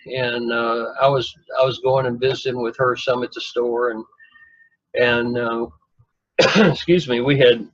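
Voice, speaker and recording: A man's voice: mid-range voice, slightly rough, no echo. A man telling a long personal story in a folksy, rambling way with self-deprecating humor. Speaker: guest telling his story. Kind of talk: casual storytelling. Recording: dull lo-fi dry recording.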